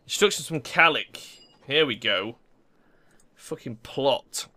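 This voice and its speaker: A man's voice: medium pitch, lively intonation, slow pace, bright, forceful tone. A man casually commenting while he plays a role-playing video game, swearing now and then and reading game text aloud. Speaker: gamer. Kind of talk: casual let's play commentary.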